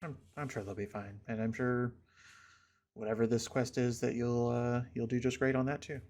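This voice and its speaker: A man narrating a tabletop game as game master, easygoing and halting, with frequent laughs. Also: mid-range voice, flat delivery, a little mellow.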